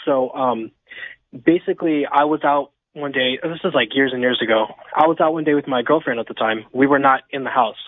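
A man's voice: mid-range voice, a little fast. Male caller on a tinny phone line. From Inland Empire, California. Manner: rambling, many fillers and restarts. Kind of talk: storytelling over the phone.

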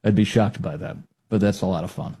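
A man's voice: low-pitched, dark tone, husky. A man hosting a political podcast, talking casually and mockingly with frequent laughs. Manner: mocking, laughs often, quick asides.

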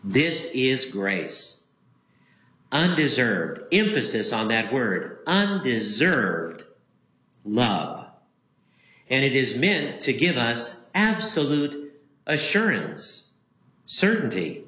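A man preaching a sermon as a Lutheran pastor. He speaks in a measured, emphatic way and repeats key phrases for weight. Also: mid-range voice, very animated, pushed and bright. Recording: roomy echo.

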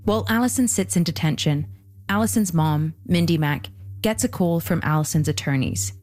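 A woman hosting and narrating a documentary podcast in a measured, scripted delivery. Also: fairly low pitch, darkish tone. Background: faint music.

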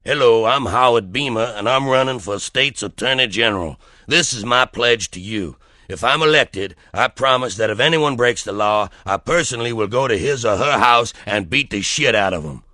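A man plays a blunt male political candidate making an earnest pledge in a parody campaign ad. The voice is bright and crisp, at a mid pitch. The sound is dry and close, with no room around it. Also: lively intonation, moderate pace, dry recording.

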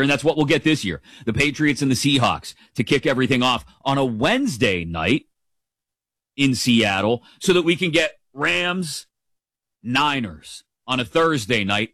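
Brief: male sports host, mid pitch, animated and jokey, very dry close sound. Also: no room sound. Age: adult, father of a teenager. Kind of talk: casual football commentary.

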